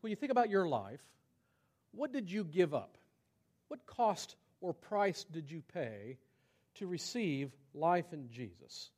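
Conversational male preacher, fairly high voice. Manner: conversational preaching, rising to emphatic peaks and dropping to hushed asides. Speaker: pastor. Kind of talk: sermon.

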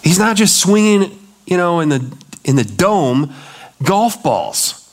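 A male pastor preaching in a loose, conversational way. His voice sits a touch higher than most men's, and he sinks lower and slower when he presses a point home. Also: big pitch swings. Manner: conversational preaching, acts out quoted voices, drops low and slow for emphasis. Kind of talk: sermon.

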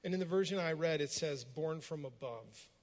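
Higher-voiced man preaching in a reverberant hall. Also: moderate pace, a little mellow. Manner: reflective storytelling, rhetorical questions. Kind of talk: sermon. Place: room with a gathered congregation.

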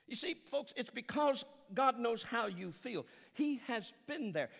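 An older man delivers a sermon in a high, bright voice. He preaches earnestly, stretching key words with dramatic pauses and now and then correcting himself. His voice carries a long reverb, as in a large sanctuary. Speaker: pastor.

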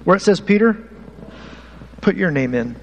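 A man preaching a lively sermon to his congregation as pastor, animated and talking straight to the people in the pews. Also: high-pitched, moderate pace, highs cut off. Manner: animated, uses props, talks to the congregation. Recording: hall reverb, faint room noise.

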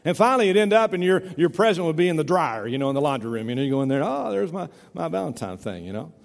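A man's voice: fairly high pitch, very fast, big-room sound. A middle-aged man preaching a folksy, conversational sermon, often saying "you know," in a church. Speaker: pastor.

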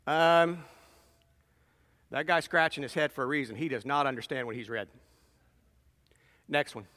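A man's voice: a little high, normal speed, pushed and bright. A man preaching a sermon as a pastor, talking in a wry, conversational way and leaning hard on words he wants to stress. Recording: long reverb in large hall.

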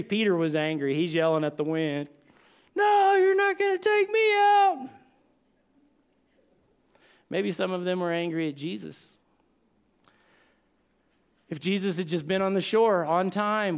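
A male pastor preaching a sermon dramatically, swinging from loud lines to hushed ones with long pauses. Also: high-pitched.

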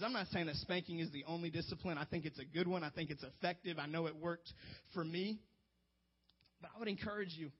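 Earnest youth pastor preaching. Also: male voice, a little high. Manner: earnest, emphatic, joking asides. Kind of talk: sermon. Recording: dull lo-fi sound.

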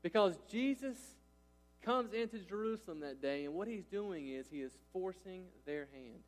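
A man in his thirties delivers a sermon in a slightly high voice. He is emphatic and keeps checking that listeners follow him. The sound rings with long reverb from a large hall. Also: lively intonation, moderate pace. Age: 30s. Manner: emphatic, repeats "right?" and "listen" to engage listeners. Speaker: pastor.

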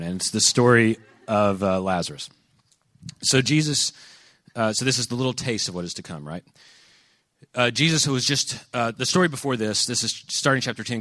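A man's voice: fairly low pitch, fairly bright tone, no echo. A man giving a casual, conversational sermon, telling stories animatedly and acting out quoted lines. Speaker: preacher. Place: venue with a live audience.

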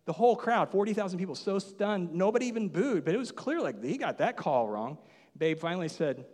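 A man delivering a sermon from a church stage with a slightly high voice. He moves between quiet, intimate asides and animated, emphatic storytelling. Long reverb from the sanctuary trails each phrase. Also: fairly quick. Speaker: pastor.

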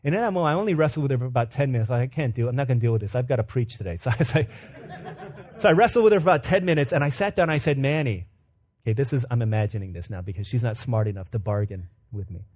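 A man in his thirties preaching a sermon, telling a family story with animated, humorous retellings. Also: mid-range voice, rapid-fire. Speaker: pastor.

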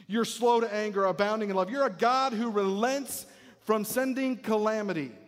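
A preacher acting out an indignant old-world prophet, a man bristling with self-righteous resentment who hurls complaints upward in an exasperated, high-pitched tone. His voice rings through a long, echoing hall. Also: normal speed, lightly acted.

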